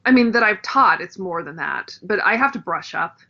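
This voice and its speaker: A woman's voice: lowish voice, lively intonation, moderate pace, vocal fry, pushed and bright, dull audio. A woman, an actress and drama professor, talking casually as a podcast guest. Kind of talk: casual chat.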